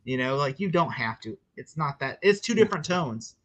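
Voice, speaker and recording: Animated young man, bright voice. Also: on the high side, fairly quick. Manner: animated, fillers, mocking quotes. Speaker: guest movie reviewer. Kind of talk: casual podcast chat.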